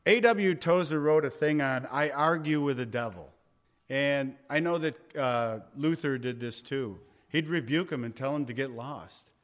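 A man's voice: medium pitch, moderate pace. Conversational man preaching a sermon. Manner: conversational, asks the congregation questions. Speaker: pastor.

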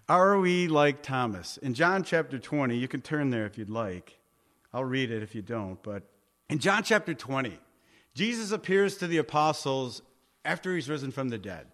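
A man's voice: fairly high pitch, a bit bright. A man preaching a sermon, conversational, often asking his listeners questions. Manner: conversational, asks the congregation questions. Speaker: pastor.

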